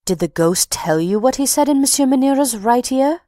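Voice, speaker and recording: A woman's voice: sits high, expressive, normal speed, warm tone, dry recording, clean studio sound, pitched above the performer's own voice. A woman voicing a male opera manager who asks questions with mock gravity. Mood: mock-grave. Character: mocking male opera manager, grave-faced.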